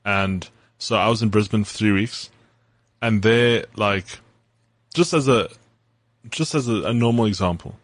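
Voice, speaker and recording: A man's voice: on the low side, measured pace, no echo. A man co-hosting a podcast, chatting casually and telling long, detailed stories. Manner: rambling, detailed travel storytelling. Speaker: podcast co-host. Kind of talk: casual chat.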